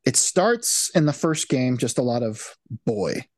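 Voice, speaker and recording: A man's voice: mid-range voice, sing-song, unhurried, no room sound. A man co-hosting a casual podcast chat, hesitant and restarting his sentences often. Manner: hesitant, many fillers and restarts. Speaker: podcast co-host.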